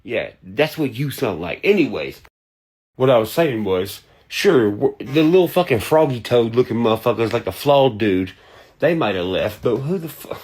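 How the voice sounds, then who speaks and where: A man rants in a heated, profane monologue, pitched squarely in the middle for a man. He swings from jeering put-on voices to flat, low asides. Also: moderate pace, slightly rough.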